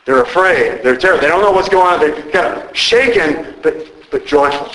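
A man preaching a sermon as pastor, slow and emphatic with dramatic pauses. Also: on the high side, lively intonation, fairly bright tone, echoey room, low-quality recording.

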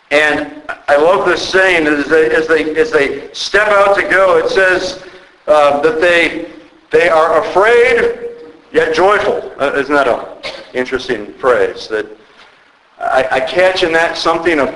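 A man preaching a sermon as pastor, slow and emphatic with dramatic pauses. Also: on the high side, fairly bright tone, reverberant, poor audio.

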